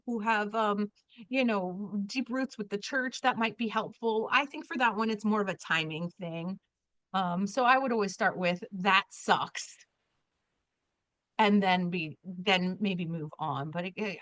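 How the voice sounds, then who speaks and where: A woman teaches an online workshop from home over a video call, middle-pitched and talkative. She laughs easily and restarts her sentences often. The sound is dry and close. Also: unhurried, a bit bright, no echo. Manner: chatty, laughing, lots of likes and restarts. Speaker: trainer.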